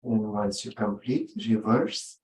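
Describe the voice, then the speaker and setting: A man leading a yoga class, giving gentle, unhurried spoken cues with long pauses between them. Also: lowish voice, recorded from a distance. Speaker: yoga instructor. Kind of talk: guided yoga instruction. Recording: roomy sound from off-mic.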